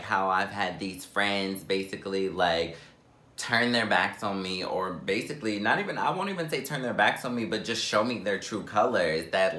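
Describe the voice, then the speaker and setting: A young man telling a personal story for his vlog, animated and dramatic, with lots of "like". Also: fairly low pitch, reverberant. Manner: animated, dramatic, heavy use of "like".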